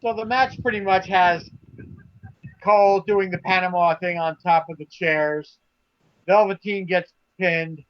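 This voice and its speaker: A man with a high voice talks wrestling in casual live-stream chat, pressing his points and repeating phrases for emphasis. The sound is dull and dry, as from a modest home microphone close to him. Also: fairly even intonation, unhurried, clear, resonant tone, dry recording. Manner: emphatic, repeats himself when making a point. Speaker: podcast co-host.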